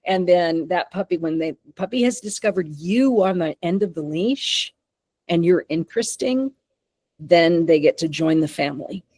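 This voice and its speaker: Lively woman teaching dogs, low dry voice. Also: moderate pace, dry recording. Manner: animated, often checks in with "okay?" and "right?". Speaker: dog behavior trainer. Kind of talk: webinar teaching. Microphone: remote call microphone.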